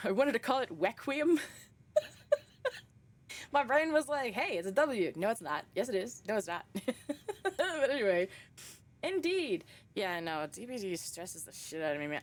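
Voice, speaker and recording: A young woman live-streaming a horror game talks loosely and at length to her chat. She laughs a lot and swears without a second thought. Her pitch swings up and down in a lively way. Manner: laughs often, swears freely, chatty and rambling.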